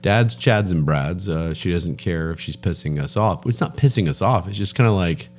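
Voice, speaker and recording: A man's voice: low-pitched, animated, moderate pace, soft background music. A man co-hosting a podcast, talking in a joking, rambling way and often repeating his words. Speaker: podcast co-host. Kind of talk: casual chat.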